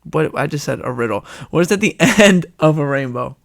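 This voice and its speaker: A man's voice: on the high side, lively intonation, fairly quick, vocal fry. A young man hosting a casual podcast, playful and teasing, often laughing. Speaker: podcast host.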